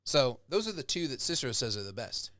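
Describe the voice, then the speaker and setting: A man's voice: medium pitch, big pitch swings, quick pace, a bit bright, no echo. A man, a professor, giving a casual lecture. He talks conversationally and acts out example speakers with growing intensity.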